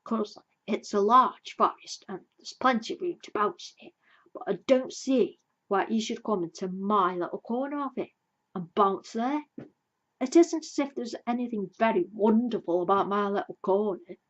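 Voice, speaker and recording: A woman's voice: mid-range voice, fairly bright tone, muffled recording, close to an everyday voice. Gloomy old donkey, as a woman puts him on. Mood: glum. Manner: dry, sarcastic, drawn-out complaining. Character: gloomy old male donkey, sulky and slow.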